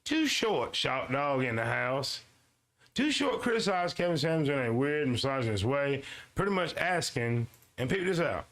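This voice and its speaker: A man hosting a casual streamed commentary show, reading a web page aloud slowly and then breaking into quick asides to his audience, often repeating lines for emphasis. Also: medium pitch. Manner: animated, swings between slow read-aloud and quick asides. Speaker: show host.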